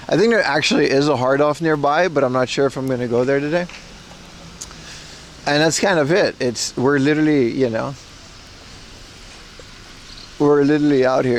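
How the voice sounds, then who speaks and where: This is a man from the Netherlands doing a casual outdoor IRL livestream in a rainy mountain town, chatty, rambling and frequently laughing. His voice is slightly high, and the recording is rough with a little background noise.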